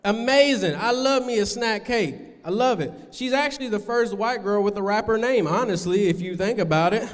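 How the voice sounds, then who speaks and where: A man performing a stand-up comedy set on stage, telling loose stories and putting on squeaky high voices for other people. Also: moderate pace, few pauses, in a large hall. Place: comedy venue stage with live audience.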